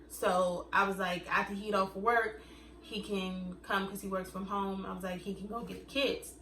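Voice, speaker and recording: A woman's voice: mid-range voice, fairly bright tone, distant mic. Chatty young woman telling a story. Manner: chatty, acts out quotes in other voices. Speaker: vlogger. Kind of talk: casual storytime chat. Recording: echoey room, faint noise.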